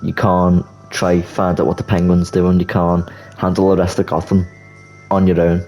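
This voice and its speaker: A man's voice: low-pitched, completely flat delivery, normal speed, darkish tone, soft background music, low-quality recording. A man doing a worried old butler. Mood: urging. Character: worried older male butler.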